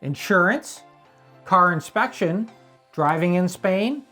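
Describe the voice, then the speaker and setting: A man co-hosts a casual travel vlog, walking through practical driving advice. He talks in a relaxed, slightly rambling way, and soft music runs faintly behind him. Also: sits high, slow pace. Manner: relaxed, explanatory, a bit rambling. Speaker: travel vlogger co-host. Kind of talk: casual travel tips chat.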